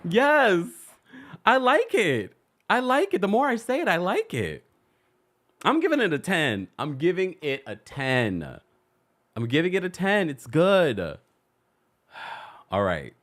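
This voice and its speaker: A man's voice: high-pitched, wildly swooping pitch, a little slow, pauses often, fairly bright tone. A man hosting a celebrity gossip show, chatting casually with his live audience in a playful, teasing way, laughing often. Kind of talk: casual commentary to a live chat.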